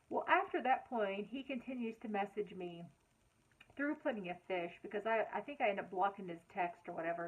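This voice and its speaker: A woman telling a personal story in a casual, chatty vlog, with lots of fillers and an animated way of retelling conversations. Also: mid-range voice, breathy edge, narrow, tinny audio. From Lexington, Kentucky. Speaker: vlogger.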